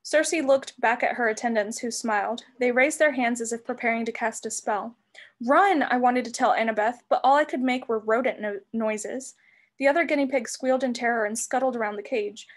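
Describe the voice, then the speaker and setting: A woman reading a novel aloud in an expressive storybook manner. Her voice sits on the higher side. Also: brisk. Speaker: reader.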